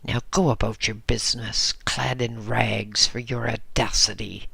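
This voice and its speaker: A stingy old monk overseer scolds and blusters in a raised, gravelly voice, put on by a man narrating. The recording is close and dry with a bright edge. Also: medium pitch, flat delivery, a little slow, dry recording, full character voice. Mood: scolding. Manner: blustering and scolding, then falsely sweet. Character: stern, stingy older male monk in charge of boys.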